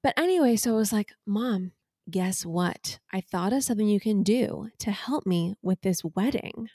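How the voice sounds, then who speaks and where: Young woman telling a lively story. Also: mid-range voice, normal speed, slightly rough, no echo, clean studio sound. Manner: animated storytelling, acting out quoted dialogue. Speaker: podcast co-host. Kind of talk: casual chat.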